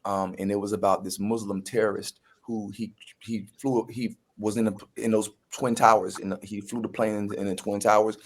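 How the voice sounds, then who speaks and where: A man's voice: fairly low pitch, level tone, moderate pace, hardly any pauses. A man, a guest actor telling his story in a casual interview. He acts out the voices he quotes and often restarts his sentences.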